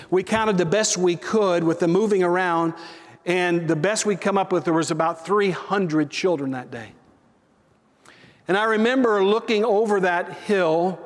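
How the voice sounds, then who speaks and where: A man's voice: sits high, big-room sound. A man preaching a sermon, telling a mission story earnestly and asking the congregation for agreement. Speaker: pastor.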